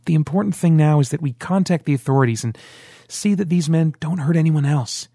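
A man reading an audiobook, voicing a young woman who argues, then pleads in fear, in a raised emotional pitch. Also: fairly quick, dark tone, dry recording, clean studio sound. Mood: bitter, pleading.

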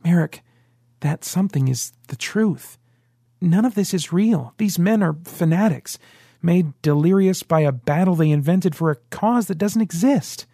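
A man's voice: high-pitched, expressive, measured pace, mellow, breathy edge, no echo, clean studio sound, pitched above the performer's own voice, full character voice. A man voicing an urgent young woman. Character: young woman friend, anxious then pleading.

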